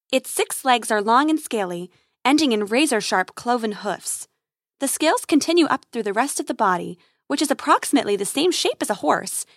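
A woman with a fairly high voice reads a children's space adventure aloud. Her delivery is lively and expressive. The sound is dry and close to the mic. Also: dry recording. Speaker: storyteller. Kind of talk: narrating a children's adventure story.

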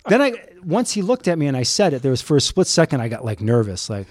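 Animated man telling a story. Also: medium pitch, fast, no echo. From Chicago South Side. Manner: animated, emphatic, indignant storyteller. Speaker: guest, TV news cameraman. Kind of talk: storytelling anecdote in an interview.

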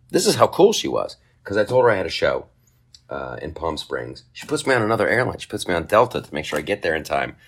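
A man hosting a podcast, telling a comic story in a casual, profane way and jumping into high mocking voices for other people. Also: a bit bright. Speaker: podcast host.

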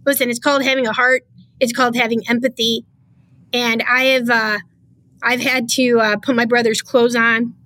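A middle-aged woman with a fairly high voice talks in a political interview. She speaks with emphatic, impassioned conviction. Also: flat delivery, moderate pace, sharp tone, no echo, low-quality recording. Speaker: state comptroller, guest.

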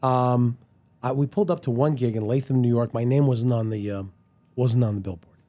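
Canadian man, mid-pitched guest, lively storyteller, stumbles and restarts, plays characters in his stories. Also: brisk. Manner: lively storyteller, many restarts, slips into impressions. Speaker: podcast guest. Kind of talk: casual anecdote chat.

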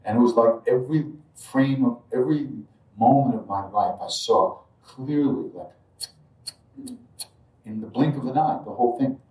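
A man telling a personal spiritual story in a reflective way, dropping to near-murmurs and then suddenly bursting loud as he acts out moments. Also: medium pitch, normal speed. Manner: reflective, drifts quiet then jumps loud when acting out moments. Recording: roomy sound from a distant mic.

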